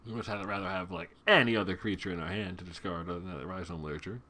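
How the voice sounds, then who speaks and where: A male gaming host talks through his own card game in a relaxed, lowish voice. He groans at bad draws and drops wry, self-mocking asides. It sounds like a home desk mic over screen capture. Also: fast talker, creaky. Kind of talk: casual gameplay commentary.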